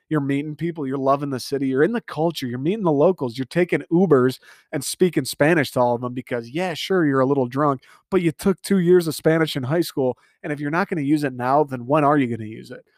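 A young man delivering an animated comedic rant monologue, exasperated and laughing at his own jokes. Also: medium pitch, dry recording, clean studio sound.

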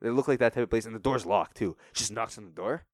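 A man's voice: fairly low pitch, quick pace, dry recording, clean studio sound. A young man telling a funny story in casual chat, acting out voices as he goes. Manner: animated, acts out voices when retelling.

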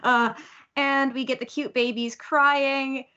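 A woman's voice: high-pitched, level tone, slow, bright, forceful tone, muffled recording. A woman cohosting a podcast, chatting casually through a manga recap, laughing often and putting on raised voices for the characters' lines.

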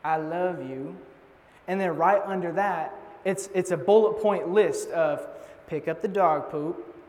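High-voiced young man preaching in a hall. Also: a little slow. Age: young adult. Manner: casual, joking, animated storytelling. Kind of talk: sermon. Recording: long hall reverb.

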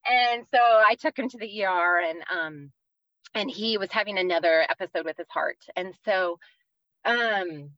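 A woman's voice: medium pitch, normal speed, sharp tone, no echo, muffled recording. A woman from the East Coast of the United States, in her thirties, telling an earnest personal faith story as a podcast guest, with many fillers.

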